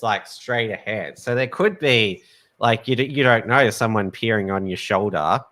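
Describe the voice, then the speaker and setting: Male host, measured and hesitant, slightly low voice with a bright edge. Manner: measured, hesitant, repeats words when starting. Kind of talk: casual chat.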